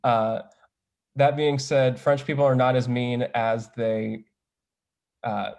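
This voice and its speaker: A man's voice: medium pitch, flat delivery, slow pace, gravelly, darkish tone. A young man who is a student panelist, describing his time abroad in a chatty, casual way, filling his speech with "like" and correcting himself as he goes. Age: young adult. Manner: chatty, heavy use of "like", self-correcting.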